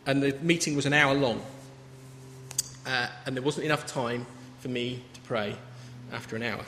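A man in his thirties preaches a sermon in a chatty, anecdotal, conversational way. His medium-pitched voice is bright and forceful, with fairly even intonation and a moderate pace. The recording, made in a reverberant hall with faint ambience, carries a little hiss or hum.

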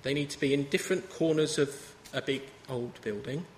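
A man's voice: mid-range voice, moderate pace, a little hiss or hum. A man in his thirties preaching a sermon in a chatty, story-telling way. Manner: conversational, anecdotal preaching. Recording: reverberant hall with faint ambience.

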